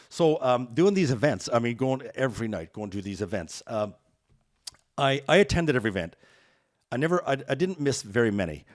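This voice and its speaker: Fast-talking energetic realtor man. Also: fairly low pitch. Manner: energetic, rambling storyteller. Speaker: guest realtor. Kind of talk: podcast interview storytelling.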